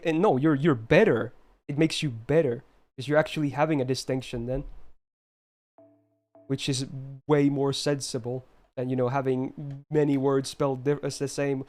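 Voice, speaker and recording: A man's voice: medium pitch, a little mellow. A man streaming a game live, ranting emphatically and answering his chat.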